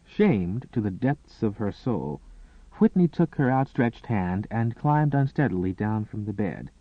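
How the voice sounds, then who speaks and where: A man narrating a romance novel in a dramatic, expressive storytelling manner. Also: mid-range voice, normal speed, no room sound. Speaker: audiobook narrator. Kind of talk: scripted narration. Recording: tinny, phone-like and dry.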